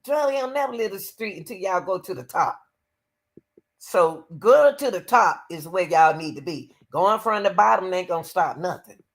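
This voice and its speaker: A woman's voice: fairly low pitch, expressive, normal speed. A woman hosting her own commentary channel, giving blunt, opinionated takes and talking straight to her viewers in a casual way.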